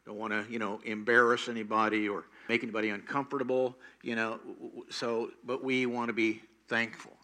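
A man's voice: medium pitch, level tone, brisk, few pauses, bright, forceful tone. An older man preaching a sermon, telling stories and acting out quoted prayers with animation. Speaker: pastor.

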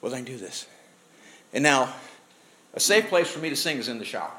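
A man's voice: medium pitch, big pitch swings, fairly quick, sharp tone. A pastor preaching a sermon, asking the congregation rhetorical questions as he goes.

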